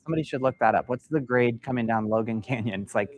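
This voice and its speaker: Talking at a quick pace in a medium-pitched voice, a middle-aged man mentors business founders during a live workshop, sharing a story and putting questions to the audience in a meeting room. The recording has no room sound.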